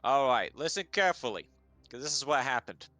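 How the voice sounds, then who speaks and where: A man's voice: medium pitch, lively intonation, a little fast, bright, forceful tone, dry recording, soft background music, voice pushed up. Man doing a mock New Jersey tough-guy detective. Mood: explaining. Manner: swaggering, emphatic.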